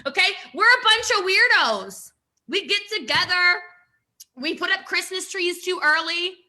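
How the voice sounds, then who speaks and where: On a live stream, this network marketing coach delivers a motivational talk with emphasis, hammering her points through repetition and rhetorical questions. She has a very high-pitched, animated voice, pushed and bright, and speaks a little slowly.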